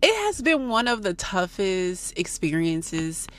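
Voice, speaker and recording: A woman in her forties from Texas talks straight to her viewers in a loose, candid vlog. Her voice sits a little low, and she keeps calling them y'all. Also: very animated, slow pace. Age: 40s. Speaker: vlogger. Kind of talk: casual vlog chat.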